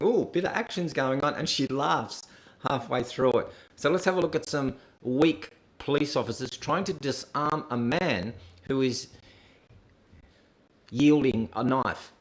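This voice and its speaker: A man with an Australian accent hosting a rambling, irreverent reaction stream. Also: medium pitch. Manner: rambling, irreverent, laughing asides. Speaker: host.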